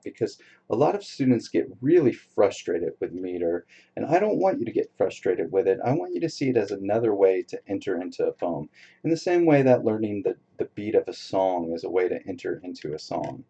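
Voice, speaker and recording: A man lecturing a college poetry class in a relaxed, casual way, reading poems aloud slowly with a strong beat. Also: fairly low pitch, highs cut off. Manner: relaxed, casual teacher talk with fillers. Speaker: college instructor. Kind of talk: recorded lecture.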